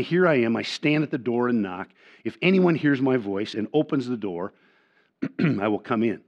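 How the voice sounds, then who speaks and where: An older pastor with a mid-range voice preaches a sermon, frequently repeating and restarting words. He moves between loud, emphatic lines and quiet asides, heard through a dull, lo-fi recording.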